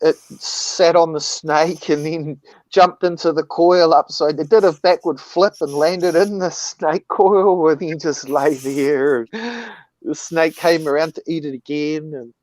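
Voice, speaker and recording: A man's voice: fairly high pitch, steady tone, a little slow, a little mellow, no room sound. A man rambling through a funny story in casual chat, swearing as he goes.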